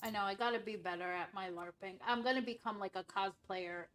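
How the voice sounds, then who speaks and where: A streamer with a mid-range, fairly bright voice talks a little fast as she hosts a laid-back chat. Her rambling style is packed with "like" and "um".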